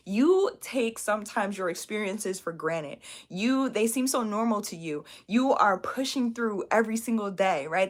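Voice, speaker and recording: A woman's voice: medium pitch, a bit bright. A woman business coach giving an emphatic, encouraging motivational talk on a live stream, often asking "okay?" and "right?". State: emotional, near tears.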